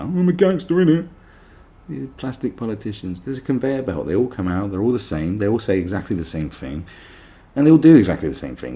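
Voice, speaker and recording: A man's voice: lowish voice, vocal fry, a little mellow. A man hosting a podcast, delivering a sarcastic, profane political rant full of mockery. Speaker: podcast host. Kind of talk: ranting political monologue.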